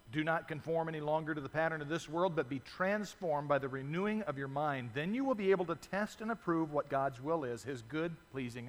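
A man preaching a sermon, his voice pitched a little high for a man and carried by the long reverb of a large hall. He moves between animated storytelling, where he acts out the voices of the people in his stories, and steady reading of scripture. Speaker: pastor.

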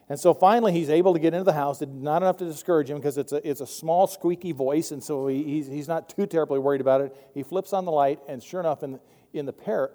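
A man preaches a sermon in a mellow, slightly raised voice, talking in a loose and wry way and often starting sentences over. The voice rings with the long reverb of a large hall. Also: a little high. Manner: conversational, wry, with frequent restarts. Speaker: pastor.

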